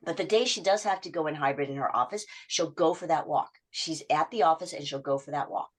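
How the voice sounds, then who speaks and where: Animated woman coach with a lower voice. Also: fairly quick. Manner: animated, acts out client quotes with voice shifts. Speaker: habit coach guest. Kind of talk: podcast interview, storytelling with client examples.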